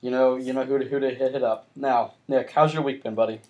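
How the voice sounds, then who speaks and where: A man's voice: medium pitch, steady tone, quick pace, darkish tone, muffled recording. A man hosting a podcast in casual chat, telling long rambling stories with frequent restarts. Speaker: podcast host.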